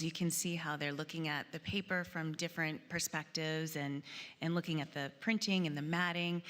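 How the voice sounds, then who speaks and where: Low-voiced woman hosting live commentary. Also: a bit bright, in a large hall. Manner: casual, explanatory, with fillers and restarts. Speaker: host of a live judging broadcast.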